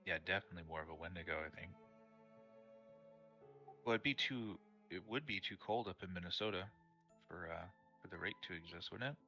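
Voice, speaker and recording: A laid-back man chats as a podcast guest and laughs easily. His voice is very deep, yet his tone is bright and forceful, and faint music plays in the background. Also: fairly quick, pauses often. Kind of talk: casual chat.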